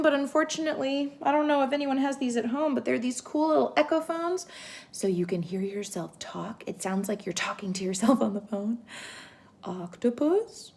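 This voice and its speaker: A young woman giving a home literacy lesson to young children, sounding out words slowly and gently. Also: high-pitched. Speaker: teacher.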